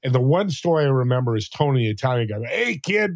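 An older man talks as a podcast guest and tells a long story. He acts out the people he quotes with lively bursts. His voice sits at a middle pitch and sounds dry and close to the mic. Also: racing, no room sound. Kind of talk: conversational storytelling.

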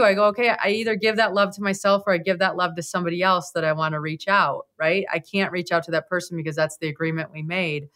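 A woman's voice: mid-range voice, a bit bright. A woman hosting a podcast interview, chatty and open, often quoting her own thoughts. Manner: chatty, talks with her hands in quotes and many "like"s. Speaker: podcast host. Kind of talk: conversational interview.

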